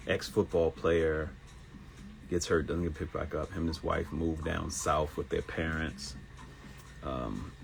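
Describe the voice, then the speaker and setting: A man's voice: a bass voice, vocal fry, a bit bright, a little hiss or hum. A middle-aged man hosting a casual solo talk show, talking in an earnest, emotional, rambling way with restarts. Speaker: host.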